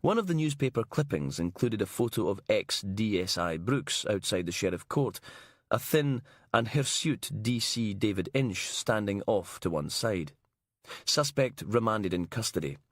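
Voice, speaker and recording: Low-voiced male audiobook narrator, dry. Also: expressive, a little slow, dry recording.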